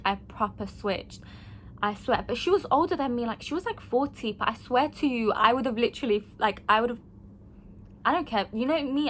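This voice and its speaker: A woman, talking casually to camera as a vlogger and telling her stories in an animated, frank way. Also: a little high, a little hiss or hum. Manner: animated storytelling, frank and emphatic, acts out quoted voices.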